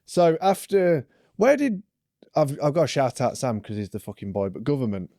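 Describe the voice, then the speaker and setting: A man's voice: medium pitch, sing-song, moderate pace, mellow, dry recording, studio quality. A man hosting a podcast in casual chat, laid-back and swearing freely, with lots of encouraging backchannels. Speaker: podcast host.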